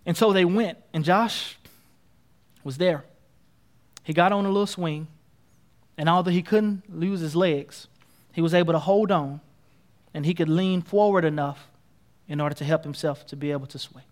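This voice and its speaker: A man preaching a sermon, telling a story dramatically and swinging from hushed to loud. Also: on the high side, normal speed, long pauses.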